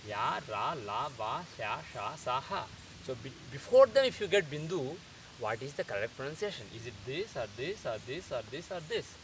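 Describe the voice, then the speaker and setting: A man teaching pronunciation in a methodical lecture, repeating sounds slowly to show them. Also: mid-range voice, big pitch swings. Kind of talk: explanatory lecture. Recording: distant mic with faint hiss.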